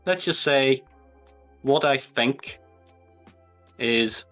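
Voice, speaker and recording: A man's voice: medium pitch, very slow, bright, forceful tone, soft background music. A man, chatting as a guest, hedging teasingly and laughing often. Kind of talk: casual chat.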